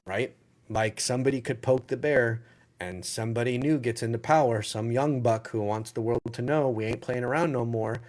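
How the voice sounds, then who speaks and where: A man's voice: mid-range voice, a little mellow. Blunt man hosting a live Q&A. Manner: blunt, opinionated, thinks aloud. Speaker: livestream Q&A host. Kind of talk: casual livestream Q&A, answering viewer questions.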